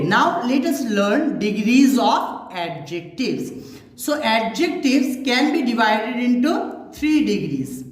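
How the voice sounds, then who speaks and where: Woman grammar teacher, fairly high voice with lively pitch, posing and answering her own questions. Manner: asks questions and answers them herself, repeating each example. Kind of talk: classroom-style grammar lesson. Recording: very echoey room.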